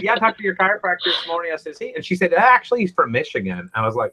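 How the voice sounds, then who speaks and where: A man with a Southern US accent hosting a casual show and telling stories with lively swings between loud and quiet. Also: a little high, fast talker, hardly any pauses, low-quality recording. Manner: animated storytelling, swings from loud to quiet asides. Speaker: host. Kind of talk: casual chat.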